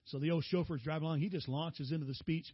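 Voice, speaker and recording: A middle-aged man preaching, telling a long personal story in a folksy, animated way and raising his voice for the people he quotes. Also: on the high side, fast talker, slightly rough, dry recording, highs cut off. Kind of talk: storytelling sermon.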